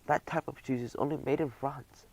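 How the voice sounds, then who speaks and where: A man voices a strict gentleman mouse from a storybook who lives by routine. He speaks calmly, in clipped and precise phrases, at a mid-range pitch. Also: moderate pace, no room sound, lightly acted, low-quality recording.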